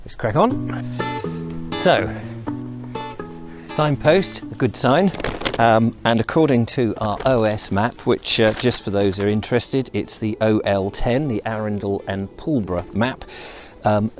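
A man's voice: on the low side, darkish tone. Chatty middle-aged Englishman on a country walk. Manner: chatty, enthusiastic, meandering. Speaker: walking vlogger. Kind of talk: casual outdoor walking vlog. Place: outdoors in countryside and woodland.

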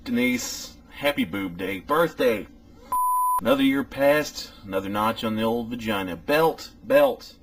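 A man making crude, deadpan birthday jokes. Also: medium pitch, a little slow.

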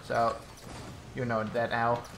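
Slow-talking man commentating gameplay. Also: medium pitch, monotone, gravelly, a bit bright, reverberant, a little hiss or hum. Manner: slow, halting commentary with frequent restarts, exasperated at teammates. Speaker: gaming YouTuber.

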